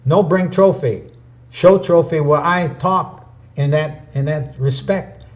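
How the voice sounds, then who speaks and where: A man's voice: fairly high pitch, takes it slowly. A man voicing a stern older male martial arts master who speaks in clipped, broken English. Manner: clipped, commanding.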